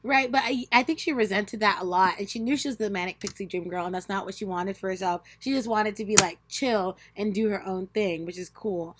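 A woman's voice: mid-range voice, fairly quick, hardly any pauses, slight background noise. A young woman co-hosting a book podcast, giggling often as she leads the summary. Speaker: podcast co-host. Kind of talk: casual chat.

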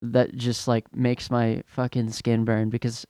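A man's voice: mid-range voice, completely flat delivery, a little slow, dark tone, dry recording, clean studio sound. A young man hosting a podcast, telling a story in a profane, exasperated rant. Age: young adult. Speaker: podcast host. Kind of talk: ranting storytelling monologue.

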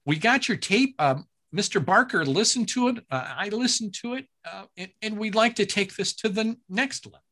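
A man doing an impression of a friendly, businesslike middle-aged TV producer calling on the phone, pitched somewhat above his own voice. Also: animated, normal speed, pushed and bright, heavily acted. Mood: upbeat.

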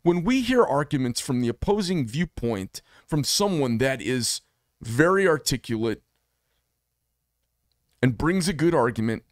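A man in his fifties hosts a solo commentary show in a middle-pitched voice. He talks with passion and emphasis and often repeats himself to drive a point home. The recording is dry and close, with no room sound. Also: big pitch swings, unhurried, no echo. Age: 50s. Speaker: podcast host.

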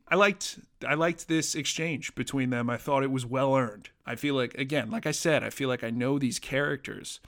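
A man's voice: mid-range voice, a bit bright. A man talking casually as a podcast host, reviewing a TV episode as an enthusiastic fan, with fillers and restarts.

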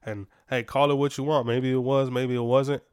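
A man's voice: mid-range voice, little pitch movement, normal speed, clear, resonant tone, dry recording, studio quality. A man hosting a sports podcast, giving casual, opinionated takes with lots of fillers and restarts.

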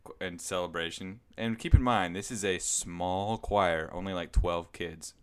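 A man's voice: low-pitched, measured pace, clean tone. A young man co-hosting a podcast, telling anecdotes and encouraging the others in a casual chat. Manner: upbeat, encouraging anecdote-teller. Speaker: podcast co-host.

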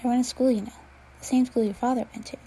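A woman voicing a kindly old male wizard headmaster, speaking gently and patiently in her own slightly high, gravelly voice. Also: fairly even intonation, fast talker, slight background noise, lightly acted, rough recording. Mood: gentle.

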